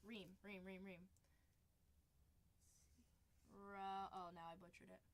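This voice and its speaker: A woman's voice: mid-range voice, level tone, takes it slowly. A young woman hosting a live card-break stream, chatty and laughing often as she reads viewer comments aloud. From San Diego area.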